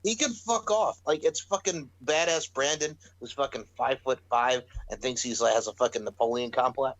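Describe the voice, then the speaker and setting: A man with an ordinary mid-range voice hosting a podcast. He talks in an animated, loose way, cursing freely and laughing often. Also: medium pitch, moderate pace, poor audio. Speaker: podcast host. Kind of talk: casual podcast chat.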